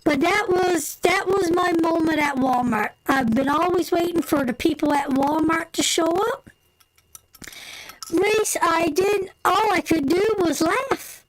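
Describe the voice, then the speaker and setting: Telling a casual story on her tarot live stream, this woman has a strikingly high voice and talks a little slowly. She's animated and colloquial, swapping "me" for "my" and laughing plenty, on a rough recording.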